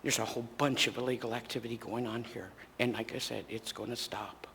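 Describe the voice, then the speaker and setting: A man's voice: medium pitch, fairly even intonation, brisk, pushed and bright. A middle-aged man giving frustrated, pleading public testimony at a podium microphone in a council chamber. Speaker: public commenter. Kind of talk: public testimony at a city meeting. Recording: echoey chamber with faint background noise.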